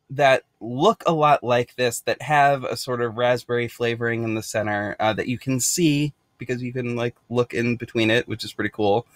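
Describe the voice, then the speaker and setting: American man, giggly rambling unboxing chat, medium pitch, dry close sound. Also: no room sound. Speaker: podcast host. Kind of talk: casual unboxing vlog.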